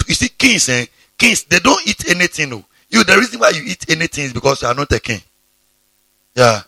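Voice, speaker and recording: A male pastor preaches a sermon, his gravelly voice swinging widely in pitch and leaping into sudden high exclamations. The tone is bright and a little husky, and the recording is dry and close. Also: very animated, fairly quick, no room sound.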